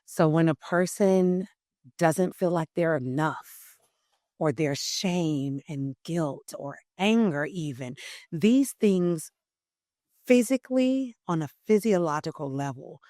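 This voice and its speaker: A woman voice coach explaining in an interview, teacherly and emphatic, swinging between loud and soft phrasing. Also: lowish voice, no echo, clean studio sound.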